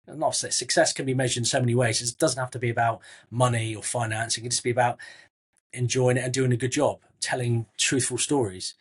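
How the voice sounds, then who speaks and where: This middle-aged Southwest English man is an actor being interviewed, and his husky mid-range voice moves little in pitch as he talks briskly. He's chatty and friendly, often restarting sentences, tossing in asides and calling people mate.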